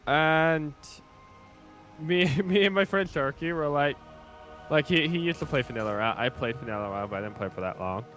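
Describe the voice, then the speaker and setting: A man's voice: a little high, moderate pace, a bit bright, soft background music, low-quality recording. A man streaming a co-op game, chatting casually with a friend, joking bluntly and swearing offhandedly. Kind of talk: casual gaming chat.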